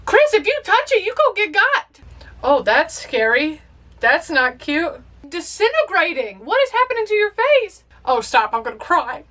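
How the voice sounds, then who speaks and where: A young woman giving excitable, emotional first-time commentary on a movie as she watches, talking back to the screen. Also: very high voice, measured pace. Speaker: movie reaction host.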